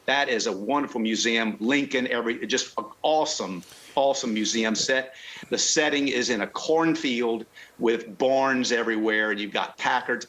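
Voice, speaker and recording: A man's voice: medium pitch, fairly bright tone, poor audio. Rambling man on a video call. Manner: rambling, halting, with many restarts. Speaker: car club guest. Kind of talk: casual chat.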